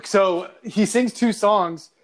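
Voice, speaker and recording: A man's voice: high voice, slow pace. Rambling, laughing man in casual chat. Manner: rambling, laughs often, breaks into impressions.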